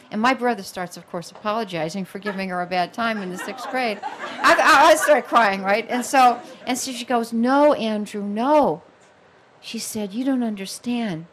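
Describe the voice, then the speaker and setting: A woman in her fifties, an author telling a personal story in an animated, expressive way, acting out the voices of people she quotes. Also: medium pitch, a little hiss or hum. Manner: expressive, acts out quoted voices, many fillers.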